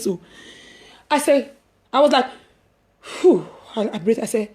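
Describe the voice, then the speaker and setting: A woman with a Nigerian accent telling a story in casual chat, animated, laughing and swinging between loud and hushed. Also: on the high side, a little slow, pauses often. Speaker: evangelist vlogger.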